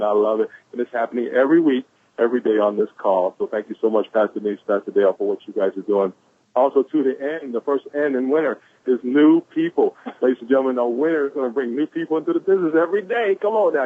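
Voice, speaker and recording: Exuberant man on a phone call. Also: medium pitch. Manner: exuberant, shouts "woo", repeats "ladies and gentlemen". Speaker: caller sharing quotes. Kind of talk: energetic motivational talk on a conference call. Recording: phone-line conference call.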